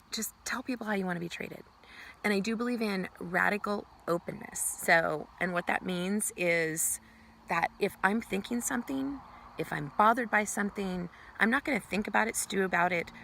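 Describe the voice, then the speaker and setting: A middle-aged woman talks through her life tips in a relaxed, motivational way, with plenty of thinking fillers. Her voice sits low with a gravelly texture, yet comes across bright and forceful. A faint hum of room noise sits behind her. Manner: earnest, many "um" fillers, acts out quoted greetings brightly. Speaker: ministry speaker giving life tips. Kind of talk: casual motivational talk.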